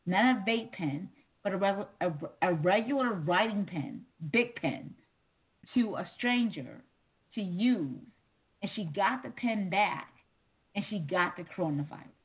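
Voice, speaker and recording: A woman's voice: medium pitch, expressive, measured pace. A woman co-hosting a talk radio show, chatting casually and rambling through her stories with lots of "like". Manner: rambling, many "like" fillers, restarts. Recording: tinny phone-like audio.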